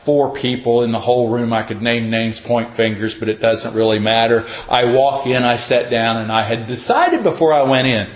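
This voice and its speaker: Speaking at normal speed with barely a pause, this middle-aged pastor uses his mid-range voice to deliver a self-deprecating sermon story, playing out each line of dialogue folksily. The church recording is echoey, with a dull, lo-fi quality.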